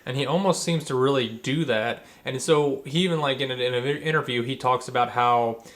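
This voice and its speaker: A man's voice: mid-range voice, brisk, a bit bright. A man co-hosting a podcast, explaining at length in a casual, rambling way with many fillers and restarts. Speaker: podcast co-host. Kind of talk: casual chat.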